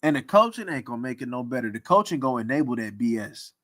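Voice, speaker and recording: A man's voice: medium pitch, sing-song, quick pace, fairly bright tone, no echo. A man hosting a casual sports talk stream, teasing and laughing often. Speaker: sports commentary host.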